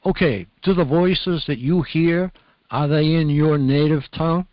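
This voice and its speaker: A man hosting a casual video-call chat who speaks in a slow, deliberate way. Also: a little high, no room sound. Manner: slow, deliberate, reads out quotes carefully. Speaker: host. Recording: muffled dry call audio.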